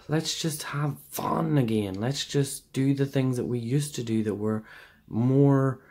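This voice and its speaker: A man's voice: mid-range voice, a little mellow. A man giving a casual pick-a-card tarot reading, rambling and hesitant, with many fillers and restarts. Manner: rambling and hesitant, full of fillers and self-corrections.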